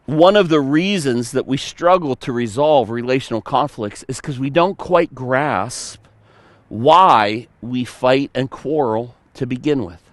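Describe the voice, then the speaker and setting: A man preaching a sermon as pastor, animated, telling stories and slipping into playful mock voices. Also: mid-range voice, measured pace, no room sound.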